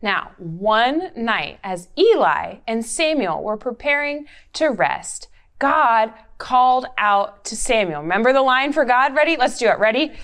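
A woman's voice: fairly high pitch, big pitch swings, unhurried, a bit bright. A woman leading an interactive Bible story for children, playfully coaxing them to join in. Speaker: children's Bible lesson leader.

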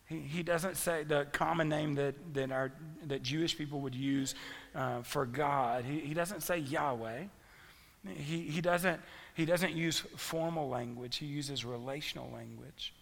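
A man preaching a sermon as a pastor, telling the story in an animated, conversational way. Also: a little high, unhurried, vocal fry. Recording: long reverb of a large hall.

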